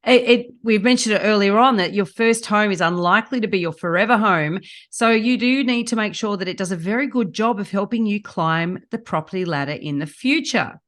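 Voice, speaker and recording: Woman, middle-aged, podcast co-host, chatty and emphatic, mid-pitched. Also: brisk, hardly any pauses. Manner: chatty, emphatic, acts out clients in quotes. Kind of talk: casual podcast chat.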